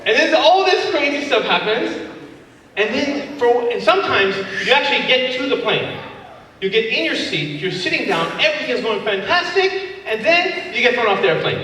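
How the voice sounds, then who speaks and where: High bright comedian in an echoey hall. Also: male voice, normal speed, slight background noise. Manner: energetic, crowd-working, acts out voices and sound effects. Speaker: stand-up comedian. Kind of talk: stand-up comedy set. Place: large hall before a live audience. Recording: echoey hall recorded from far off.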